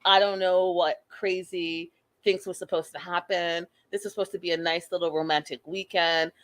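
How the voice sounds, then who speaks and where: A woman imitating a calm, baffled young man who is fed up, in a flat, exasperated voice. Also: fairly low pitch, moderate pace, voice pushed down, lightly acted.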